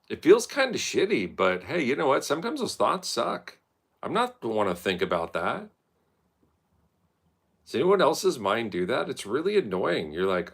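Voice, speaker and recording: Low, gravelly man, lively swooping pitch; rambling late-night studio monologue, swears freely, slips into mocking voices. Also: moderate pace. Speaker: vlogger. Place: his art studio at night.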